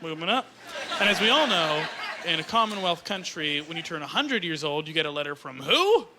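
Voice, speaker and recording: A man from Canada doing a stand-up comedy set, talking fast and bursting into squeaky bits. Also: over a noisy crowd. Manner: excitable, jumps into high squeaky bits. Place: comedy club stage before a laughing crowd. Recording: loud audience laughter and stage noise.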